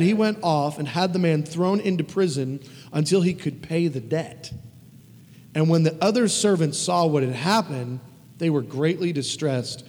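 A man preaching a conversational sermon, emphatic and animated, with casual asides. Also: a little high, slightly rough. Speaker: pastor. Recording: long reverb of a large hall.

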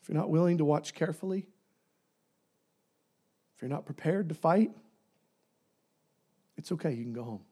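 Man preaching with dramatic soft-loud swings. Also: a little high, expressive, normal speed, long pauses, husky. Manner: dynamic, swinging from loud to soft near-whispers. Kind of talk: sermon.

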